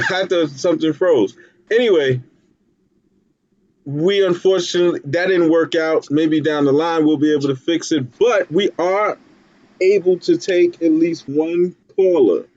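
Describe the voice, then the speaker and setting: Slow-talking man on a lo-fi stream. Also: fairly high pitch, a little mellow, no room sound. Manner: rambling, many fillers and restarts. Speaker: co-host. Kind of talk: casual live-stream chat. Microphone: video call. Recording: dull lo-fi video call audio.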